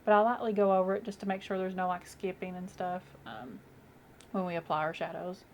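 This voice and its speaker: At home doing her makeup, a young woman vlogs a casual get-ready-with-me chat, rambling with lots of fillers. Her voice is fairly low, somewhat dark, and a little fast, with slight hiss or hum in the recording.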